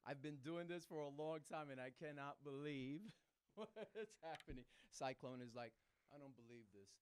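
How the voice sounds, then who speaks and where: A man's voice: fairly high pitch, a little slow, a little hiss or hum. A middle-aged man from Puerto Rico doing a rambling stand-up set, self-deprecating and often losing his train of thought. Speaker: stand-up comedian.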